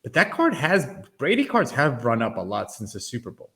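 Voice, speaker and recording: A man hosting a sports card podcast, chatting casually and thinking out loud. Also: mid-range voice, wildly swooping pitch, a little fast. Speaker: podcast host. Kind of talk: casual chat.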